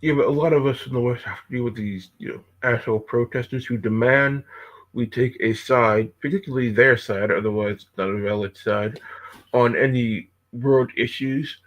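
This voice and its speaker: A man's voice: medium pitch, normal speed, highs cut off. A man from Pennsylvania co-hosting a podcast, level and matter-of-fact. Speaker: podcast co-host. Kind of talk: casual commentary.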